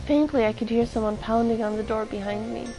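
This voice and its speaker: A woman's voice: on the high side, fairly quick, music in the background, low-quality recording. A woman streaming a video game, reading the text aloud and then musing casually, with some swearing.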